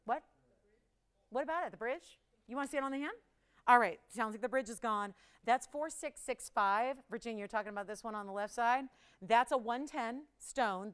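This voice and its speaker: A woman's voice: a little high, a bit bright, clean tone. A woman hosting a live on-air jewelry shopping show, chatty and playful, laughing often and teasing the crew. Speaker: shopping channel host.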